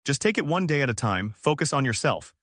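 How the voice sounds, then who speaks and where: A man voicing a tired, gentle father. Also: medium pitch, sing-song, fairly quick, no echo, clean studio sound. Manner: soft and careful.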